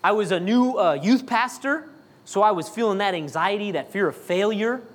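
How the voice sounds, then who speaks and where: A man's voice: high voice, animated, moderate pace. A man preaching a sermon, talking to the congregation in a chatty way, full of jokes and asides. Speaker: pastor.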